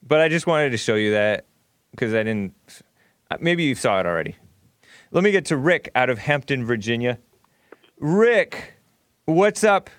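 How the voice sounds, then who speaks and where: A man's voice: mid-range voice, big pitch swings, moderate pace, pauses often, dry recording, clean studio sound. A man hosting a call-in show, talking in a casual, rambling, opinionated way and laughing often. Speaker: talk show host. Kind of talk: casual call-in radio commentary.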